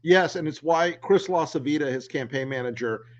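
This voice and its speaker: A man's voice: a little high, normal speed, highs cut off. A man co-hosting a casual political chat, sardonic and profane. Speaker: co-host.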